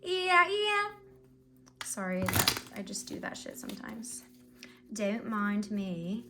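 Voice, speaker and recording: A woman's voice: medium pitch, steady tone, measured pace, creaky, background noise. A young woman giving a casual, emotional tarot reading to camera, chatty and full of fillers and sighs. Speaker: tarot reader.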